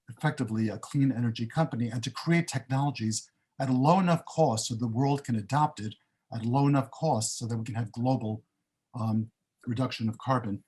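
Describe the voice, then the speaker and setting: A man's voice: medium pitch, darkish tone, slightly rough. An older man on a panel, recounting his career in a rambling, self-interrupting way.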